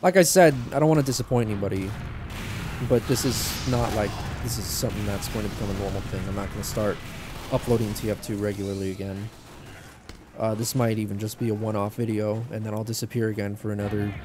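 A man's voice: on the low side, noisy background. Rambling, joking man over game gunfire. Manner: rambling, self-deprecating and joking. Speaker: YouTuber. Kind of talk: casual gameplay commentary.

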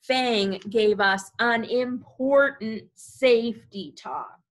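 A woman with a fairly high voice reads a picture book to preschoolers at a library storytime. She takes her time over each line and stays animated, stopping to ask the children questions. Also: slow pace. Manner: animated, talks to children directly.

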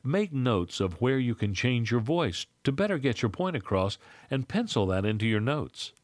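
A man reading a scripted lesson on public speaking in a measured, instructive way. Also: mid-range voice, sing-song, no room sound, studio quality.

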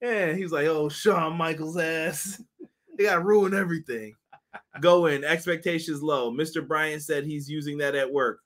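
A man hosting a casual wrestling review chat, animated and joking, with a slangy manner. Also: on the high side, normal speed. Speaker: podcast host.

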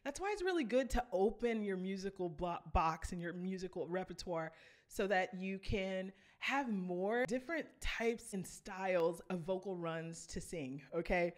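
Lively woman vocal coach. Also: mid-range voice, moderate pace. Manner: enthusiastic, breaks into sung demonstrations. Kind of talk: singing lesson, demonstrating vocal runs.

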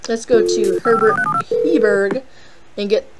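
A woman's voice: medium pitch, measured pace, very noisy. A young woman hosting a casual game playthrough, rambling and self-deprecating with lots of fillers. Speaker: let's play host.

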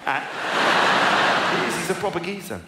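A posh southern English accent marks this man in his twenties from England, a stand-up comedian performing a self-mocking routine on stage in a large arena. He's expressive at a normal speed, breaking into sudden high, squeaky outbursts. The live arena recording carries long reverb and crowd noise.

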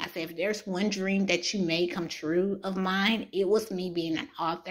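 A woman's voice: medium pitch, fairly bright tone. A young woman, casually chatting with her viewers in a home vlog, full of fillers and restarts. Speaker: Christian romance author vlogging. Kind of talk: casual chat. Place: bedroom at home.

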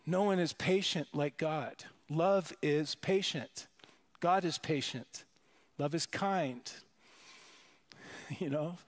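A pastor preaching a sermon at a church worship service, earnest and emphatic, repeating words and restarting phrases. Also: male voice, a little high, takes it slowly, long pauses.

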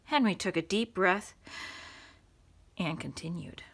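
A woman reading a children's storybook aloud to young listeners, in an expressive storytelling manner. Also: fairly low pitch, slow, slightly rough.

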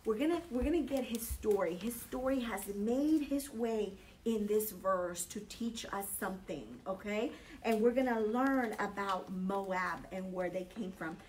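A woman teaching a Bible study, telling a personal story, lively and emphatic, often checking in with "okay?". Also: medium pitch, a little slow, few pauses, recorded from a distance, a little hiss or hum.

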